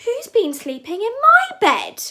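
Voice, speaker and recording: A woman's voice: very high-pitched, wildly swooping pitch, unhurried, pushed and bright, pitched above the performer's own voice, exaggerated voice. A woman voicing a mother bear asking complaining, raised questions in a storybook reading. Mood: put out. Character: medium-voiced mother bear, put out.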